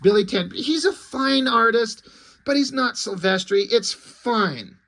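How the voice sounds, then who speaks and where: High-voiced blunt man reviewing comics. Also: unhurried, sharp tone. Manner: blunt, opinionated, swears freely; rambling, with frequent ums and trailing asides. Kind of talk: casual review talk.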